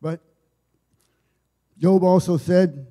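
A man giving an informal church sermon, telling stories in a halting way, often repeating and restarting his words. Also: high voice, fairly even intonation, warm tone. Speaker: lay preacher. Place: church service.

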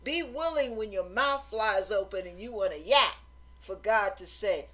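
A woman's voice: medium pitch, sing-song, normal speed, a bit bright. A middle-aged woman giving an informal Christian sermon in an earnest, exhorting way, repeating phrases for emphasis. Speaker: Christian teacher.

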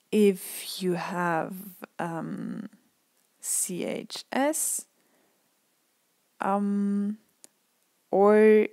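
Woman, teacher, very slow and deliberate, dry close sound. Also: medium pitch, darkish tone, dry recording. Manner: slow, careful, with repeated examples. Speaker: language teacher. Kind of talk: pronunciation lesson.

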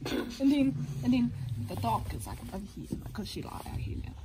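A woman's voice: fairly high pitch, sing-song, a little fast, very noisy. A woman casually retelling a story while she draws, giggling and rambling with many restarts. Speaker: vlogger narrating a drawing.

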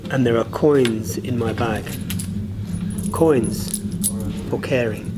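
A man on school staff telling a parable in short, deliberate phrases with long pauses. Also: medium pitch, heavy background noise. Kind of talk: storytelling parable.

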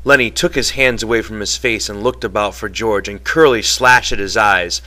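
A man narrating a novel as an audiobook in a measured, dramatic way. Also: lowish voice, sharp tone. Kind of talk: novel reading.

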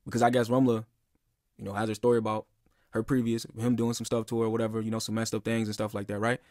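A man's voice: fairly low pitch, little pitch movement, quick pace, darkish tone, dry recording, studio quality. A young man telling a personal story in a casual, rambling and heated way, with lots of "bro" and "like.". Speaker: podcast speaker.

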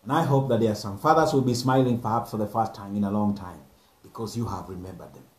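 A man's voice: on the low side, fast talker, darkish tone. A man, a pastor giving an earnest sermon message, repeating phrases for emphasis. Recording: echoey room.

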